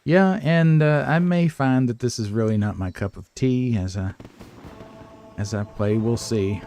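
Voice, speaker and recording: A man's voice: medium pitch, a little slow, dark tone. An older man giving casual, hesitant commentary as he plays a video game, chatting to himself and poking fun at his own fumbling. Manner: chatty, hesitant, self-deprecating, talks to himself. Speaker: game streamer.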